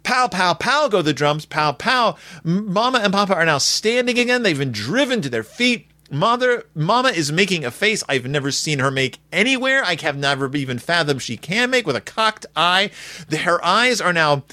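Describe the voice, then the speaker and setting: Guy doing a sarcastic kids' book recap, super animated, dry close mic. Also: high-pitched, normal speed, no echo. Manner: sarcastic, exaggerated, rambling. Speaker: podcast host reviewing a children's book.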